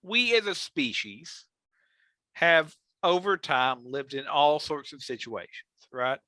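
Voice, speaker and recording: A man's voice: fairly high pitch, animated, takes it slowly, pushed and bright, no room sound. A man co-hosting a podcast, musing and rambling in casual chat. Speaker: podcast co-host.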